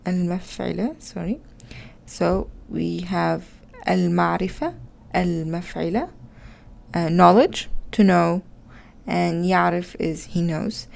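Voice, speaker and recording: A woman teaching an Arabic grammar lesson. She explains in English, reads Arabic example words aloud and often corrects herself with a quick "sorry.". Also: lowish voice, gravelly, a little mellow. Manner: self-correcting, with frequent "uh, sorry" slips.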